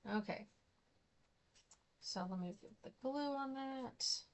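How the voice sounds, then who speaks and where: Speaking slowly in a high-sitting voice, this middle-aged craft vlogger rambles casually over a craft project. She laughs a lot as she goes.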